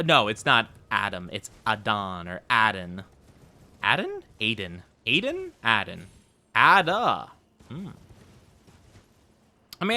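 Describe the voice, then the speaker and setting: A man's voice: medium pitch, pushed and bright. A man streaming a video game, chatting playfully with his viewers in a casual commentary style and laughing often. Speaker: VTuber streamer. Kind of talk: casual gaming commentary to chat.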